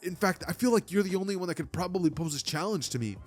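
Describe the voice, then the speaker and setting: A man's voice: sits high, fast, voice pushed up. A man voicing a timid, nerdy teenage boy who stammers and apologizes eagerly. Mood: earnest. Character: timid nerdy teen boy with hidden power.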